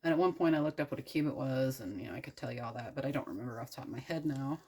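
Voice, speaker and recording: A young adult woman from the United States retells an old story while working with her hands, irreverent and profane. Her voice sits low and has a husky edge. She rambles with lots of fillers and asides. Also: very fast, darkish tone. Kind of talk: casual storytelling while crafting.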